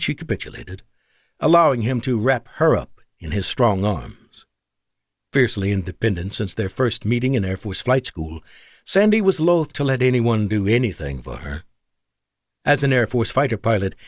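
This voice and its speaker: A male audiobook narrator reading a thriller in a measured, expressive way. His pitch moves a lot within mid range, and the recording is dry and close with no room sound. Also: no room sound.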